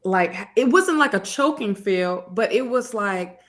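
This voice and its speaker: A woman reading tarot and hosting a casual live chat, lively and laughing often, sniffly with a cold. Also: medium pitch, unhurried. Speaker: tarot reader and show host.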